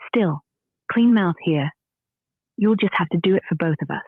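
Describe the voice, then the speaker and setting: Brief: AI woman voice, calm and wry, slightly breathy, heard through a tinny phone speaker. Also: lowish voice, moderate pace, no echo. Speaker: AI chat companion. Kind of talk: conversational reply.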